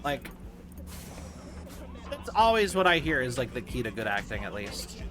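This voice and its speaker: A man's voice: mid-range voice, very animated, moderate pace, over loud music. A man streaming a game, chatting casually with viewers in a rambling, jokey way. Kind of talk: casual gameplay commentary.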